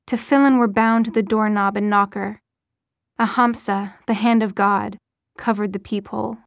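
This audiobook narrator reads a novel from a script in a steady, measured storytelling manner. Her voice is mid-range, and the studio audio is clean, with no room sound.

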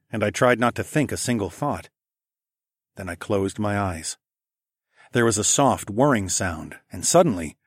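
A low-pitched male voice reads a first-person story in a quiet, intimate tone. The recording is dry and close, with no room sound at all. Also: husky, no room sound. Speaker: audiobook narrator.

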